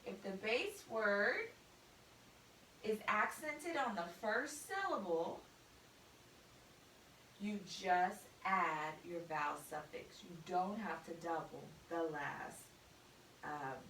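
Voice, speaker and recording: A woman teaching a spelling lesson, spelling words out letter by letter in a slow, deliberate way. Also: mid-range voice, expressive, a bit bright, slight background noise. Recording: echoey room, mic at a distance.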